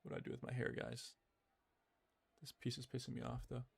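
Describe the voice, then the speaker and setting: A man's voice: mid-range voice, completely flat delivery, brisk, gravelly, slightly rough. A young man streaming a game, rambling casually, swearing at the game and chatting with his viewers. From Australia. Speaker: gaming streamer. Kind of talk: casual gameplay chat.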